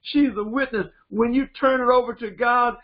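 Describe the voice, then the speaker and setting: An older male pastor preaches with a high, lively voice, telling stories and slipping into characters as he goes. The sound is dull and lo-fi. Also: normal speed. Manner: animated storytelling, acts out voices. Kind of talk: sermon.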